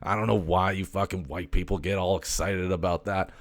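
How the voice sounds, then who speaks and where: A man's voice: sits low, steady tone, fairly quick. A man voicing a cussing swaggering house cat. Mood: boastful. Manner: swaggering, profane, rambling with stammers. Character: brash foul-mouthed male house cat.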